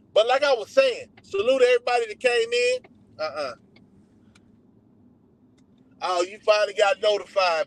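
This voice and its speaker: Parked at a donut shop drive-thru, a Texan livestream host rambles casually from his car, wandering from one subject to the next in slangy speech. The recording is rough, and his voice sits high.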